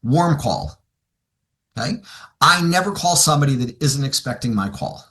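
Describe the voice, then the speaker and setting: A man's voice: mid-range voice, expressive, moderate pace, sharp tone. A man training financial advisors, telling stories and acting out both sides of his client conversations. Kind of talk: seminar talk with acted dialogue.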